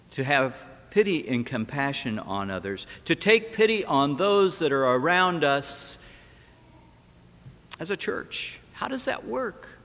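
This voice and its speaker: A fairly high, slightly bright male voice belongs to a pastor preaching in a church sanctuary. He tells the story dramatically and poses rhetorical questions, and the recording carries the echo of the church hall.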